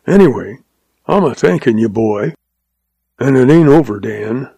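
A man's voice: mid-range voice, animated, a little slow, creaky, mellow, slightly rough, no room sound, exaggerated voice. A man doing an old folksy western codger. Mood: grateful, uneasy. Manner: folksy drawl.

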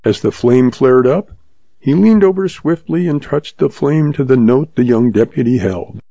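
A man narrating a western story in a steady, measured reading. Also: mid-range voice, gravelly, dry recording. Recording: dull lo-fi sound.

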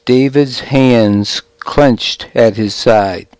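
A man narrates a story in an unhurried, even way, taking his time over each sentence. His voice sits in an ordinary middle register. It is recorded close and dry, with no room sound. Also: mid-range voice, no echo, rough recording. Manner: measured, unhurried reading. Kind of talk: audiobook narration.

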